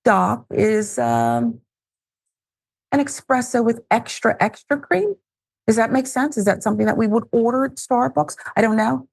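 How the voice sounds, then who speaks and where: A woman's voice: on the high side, normal speed, gravelly, darkish tone. A woman hosting a news commentary show, reading headlines casually with wry, joking asides.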